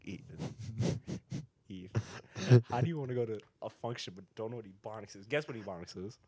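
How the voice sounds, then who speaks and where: Animated young man joking loosely. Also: fairly low pitch, brisk, breathy edge, dry recording. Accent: African American English. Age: young adult. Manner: animated, joking, swearing, slangy. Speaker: podcast co-host. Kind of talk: casual chat.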